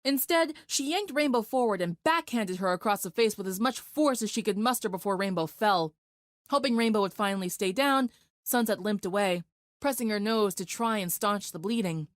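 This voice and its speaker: A woman narrating a dramatic fan fiction story in a steady, vivid storytelling voice. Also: medium pitch, normal speed, dry recording, studio quality.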